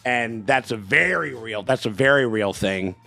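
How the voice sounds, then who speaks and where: A man's voice: mid-range voice, animated, moderate pace, vocal fry, pushed and bright, no echo. A man co-hosting a casual TV reaction chat, talking loosely with many fillers and restarts, and swearing freely. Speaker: co-host reacting to a TV episode.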